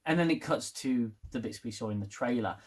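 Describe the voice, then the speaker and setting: A man's voice: medium pitch, expressive, brisk, a little mellow, husky. A man giving a rambling, casual spoken TV review, swearing and getting worked up as he talks. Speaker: TV review vlogger.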